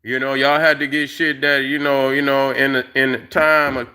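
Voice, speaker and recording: A man's voice: medium pitch, little pitch movement, moderate pace, sharp tone, clear, resonant tone. A middle-aged man ranting on a casual livestream, profane and rambling, with lots of fillers, talking straight to his viewers. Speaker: livestream host.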